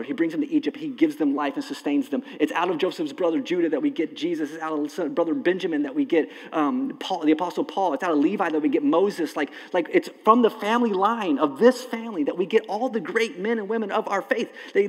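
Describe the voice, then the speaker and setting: Man, pastor, sermon, slightly high voice, passionate, loud then hushed, long hall reverb. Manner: impassioned, swings between loud emphasis and hushed slow lines. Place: church sanctuary.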